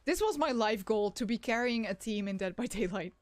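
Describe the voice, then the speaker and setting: A woman's voice: a little high, a little fast. A woman streaming a game, chatting casually and giggling a lot as she plays. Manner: giggly and excitable, laughing often. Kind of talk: casual live-stream commentary.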